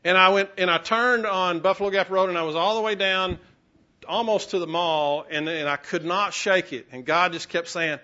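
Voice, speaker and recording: Man, pastor, sermon storytelling, bright tone, muffled recording. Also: sits high, normal speed. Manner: storytelling with self-mocking humor and quoted voices.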